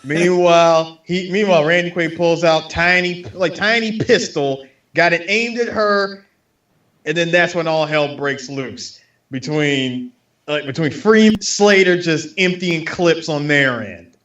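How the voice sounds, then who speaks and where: A man co-hosting a casual movie podcast, retelling scenes with animated energy. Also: fairly high pitch, unhurried, dull audio. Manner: animated storyteller, acts out scenes. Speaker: podcast co-host.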